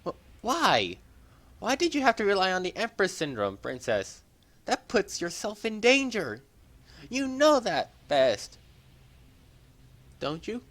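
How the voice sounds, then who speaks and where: A man voicing a flustered young man who stammers and shouts in high, excited bursts. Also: slow pace, pauses often, heavily acted. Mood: alarmed.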